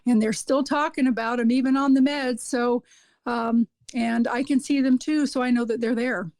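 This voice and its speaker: A woman with a high, light voice tells earnest stories as a podcast guest, circling back with ums and repeated words as she goes. The sound is close and dry, with no room around it. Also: fairly even intonation, moderate pace, a little mellow, no room sound. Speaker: podcast guest, hospice nurse. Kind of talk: casual podcast conversation.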